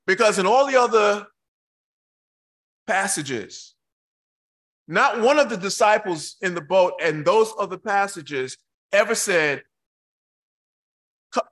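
A man preaching a sermon, reading scripture slowly and emphatically with dramatic pauses, breaking into excitable asides. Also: high voice.

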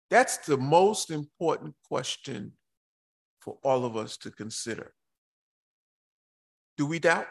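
A man preaching a sermon, reading scripture slowly and emphatically with dramatic pauses, breaking into excitable asides. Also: high voice.

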